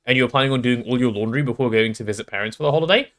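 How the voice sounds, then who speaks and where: A man's voice: mid-range voice, racing, fairly bright tone. A man streaming a game live, chatting casually and playfully with his viewers, greeting them and repeating words as he reacts.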